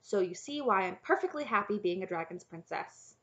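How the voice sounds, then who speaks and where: A practical, unconventional young princess who speaks firmly and with authority, as a woman narrator puts her on. The recording is a little dull and muffled, her pitch in a middle range. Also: animated, normal speed, fairly bright tone. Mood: firm, matter-of-fact. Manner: firm and matter-of-fact.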